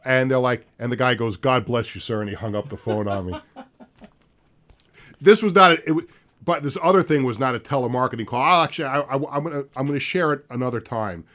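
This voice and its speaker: A man's voice: mid-range voice, fairly quick, a bit bright. A middle-aged man hosting a sports talk radio show, telling stories in a rambling, laughing way with many fillers. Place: radio studio.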